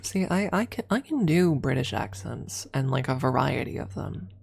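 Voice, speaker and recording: A woman's voice: extremely low pitch, lively intonation, moderate pace, gravelly, darkish tone, a little hiss or hum. A woman streamer chatting casually with her chat, rambling and restarting her sentences and laughing often. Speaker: streamer taking chat requests.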